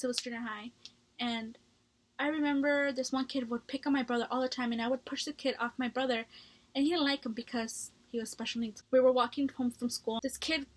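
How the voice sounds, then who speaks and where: A young woman vlogging a candid personal story, blunt and quick to swear, restarting her sentences as she goes. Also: a little high. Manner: heated when retelling the story. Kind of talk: casual storytelling to camera.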